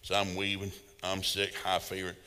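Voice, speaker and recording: A male preacher with a bright, ringing voice tells his sermon as folksy stories full of humor. His words roll out into a long echo across a large hall. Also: low-pitched, monotone, moderate pace, clean tone. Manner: folksy, humorous storytelling with laughs.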